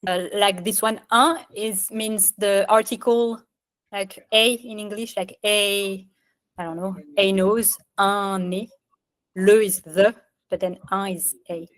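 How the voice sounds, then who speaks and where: A woman's voice: mid-range voice, steady tone, a little slow, dry recording. Chatty woman teaching pronunciation. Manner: chatty, filler-heavy, laughs at French spelling. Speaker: French instructor. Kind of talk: casual online lesson.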